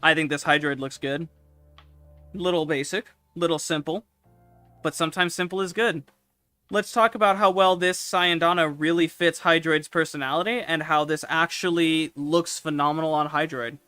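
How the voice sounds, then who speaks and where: A man streaming casual commentary, excitable and swearing freely, with loud sudden outbursts. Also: a little high, normal speed, clean tone, dry recording, soft background music.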